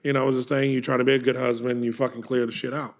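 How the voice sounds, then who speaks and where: A man's voice: mid-range voice, flat delivery, rapid-fire. A man co-hosting a podcast, telling stories in casual chat, swearing often and speaking with emphasis. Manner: profane, storytelling, emphatic. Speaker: podcast co-host.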